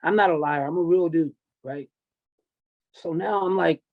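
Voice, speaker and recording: Looking back on his younger years, a middle-aged coach of wrestling and MMA speaks candidly on a podcast, cursing and emotional. His fairly high voice moves at a normal speed, captured in dull, basic lo-fi audio.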